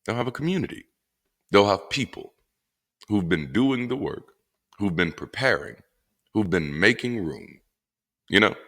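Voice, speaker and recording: Deep gravelly blunt man. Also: a little slow, long pauses. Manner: blunt and profane, with animated emphasis. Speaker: former pastor turned atheist commentator. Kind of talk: casual monologue to camera.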